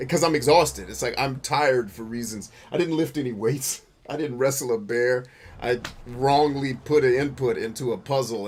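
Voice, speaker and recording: A man hosting a gaming show, riffing through casual gameplay commentary, boisterous and playful, full of slang and swearing, with sudden loud outbursts. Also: mid-range voice, a little hiss or hum. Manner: boisterous and playful, bursts into loud shouts and laughter.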